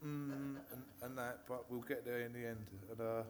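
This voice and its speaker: A nervous man from Hertfordshire, England, tells a live audience about his recovery as personal testimony from the stage of a meeting hall, cursing frequently and starting sentences over. He talks at normal speed in a medium pitch with flat delivery. Slight background noise is audible.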